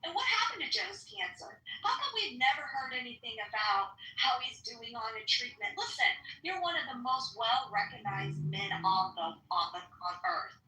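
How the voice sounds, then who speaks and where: Brief: female guest, high bright voice, echoey room, off-mic. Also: animated, normal speed, hardly any pauses, distant mic, slight background noise. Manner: emphatic, hesitant with ums. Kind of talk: political talk chat.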